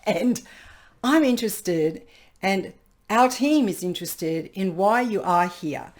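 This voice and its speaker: A woman leading an online workshop over a video call, lively and playful, acting out what people think to themselves. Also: medium pitch, slow pace. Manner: lively, playfully acts out people's inner dialogue. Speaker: workshop facilitator.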